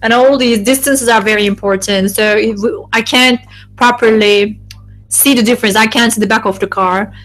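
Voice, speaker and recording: A woman interpreting a focus group live, in a halting delivery full of restarts and self-corrections. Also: on the high side, steady tone, fairly bright tone, faint music behind, poor audio.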